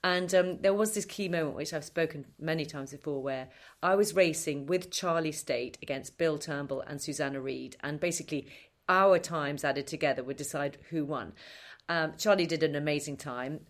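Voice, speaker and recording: A middle-aged woman telling a long story as a podcast guest, animated and self-mocking, laughing often. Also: low-pitched, fast talker. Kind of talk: chatty storytelling interview.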